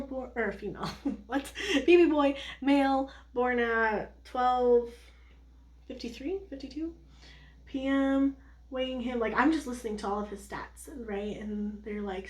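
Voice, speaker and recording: A woman's voice: on the high side, darkish tone. A young woman vlogger telling a personal story to the camera while doing her makeup, chatty and full of "like" and little laughs.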